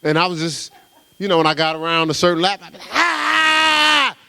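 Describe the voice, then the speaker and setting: There's no room sound as this middle-aged man from New Jersey races through his sermon in a voice on the high side, clear and resonant. As pastor, he spins animated, casual stories and says "right?" again and again.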